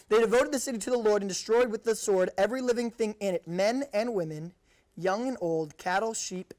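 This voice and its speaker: A young man preaching to high school students in a casual, joking way, reading scripture and acting out the people in it. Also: darkish tone. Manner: jokey, conversational, acts out quotes. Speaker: youth pastor. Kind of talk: casual youth sermon.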